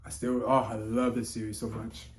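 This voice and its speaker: A young man giving a casual spoken manga review, rambling with lots of filler words and frequent swearing, and swinging from subdued to excited outbursts. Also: lowish voice, moderate pace, slight background noise. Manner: emotional, rising to excited outbursts.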